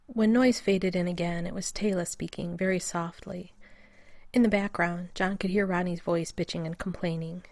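A woman reads fiction aloud in a steady, wry narrating voice. Her pitch sits low. The recording is close and dry. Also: moderate pace, dry recording. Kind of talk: audiobook reading of fan fiction.

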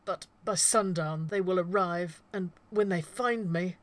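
A woman's voice: fairly low pitch, unhurried, close to an everyday voice. Casting: woman voicing a haughty male gunman, clipped and formal, storybook reading. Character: stiff, arrogant male gunman sheriff.

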